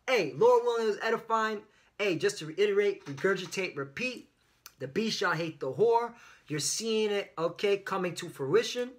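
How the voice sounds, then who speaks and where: A man's voice: on the high side, bright, forceful tone. A man preaching fiery, confrontational religious commentary on the news, peppering his talk with "all right?".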